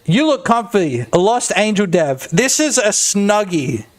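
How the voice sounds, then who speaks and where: A man's voice: high voice, big pitch swings, measured pace. Crude, rambling young male streamer. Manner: crude, rambling and jokey, with lots of filler tags. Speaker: streamer and indie game developer. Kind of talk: casual live-stream chat.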